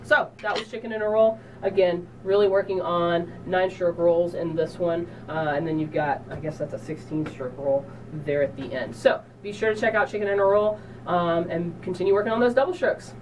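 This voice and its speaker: Woman drum teacher, relaxed and encouraging, lowish voice, picked up from across the studio with a faint hiss. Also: moderate pace, distant mic. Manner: relaxed, encouraging, counts beats aloud. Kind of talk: instructional lesson. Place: percussion studio.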